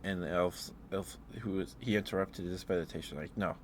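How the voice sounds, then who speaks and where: A man in a soft-spoken ASMR ramble, telling meandering stories with fillers and chuckles. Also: deep voice, steady tone, a little fast, a little hiss or hum. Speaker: ASMR streamer.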